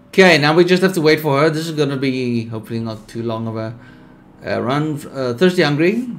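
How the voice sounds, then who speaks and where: Reading a survival game's text aloud, this young streamer keeps a medium pitch and a brisk pace. His commentary is casual and sleepy, though excitement flares up out of nowhere.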